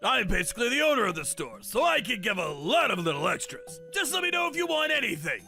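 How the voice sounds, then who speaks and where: A man's voice: very high-pitched, sing-song, fast talker, sharp tone, faint music behind, exaggerated voice. A man playing a smarmy flirty shop worker. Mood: smug. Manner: showy, boastful, breezy. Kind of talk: animated dub acting.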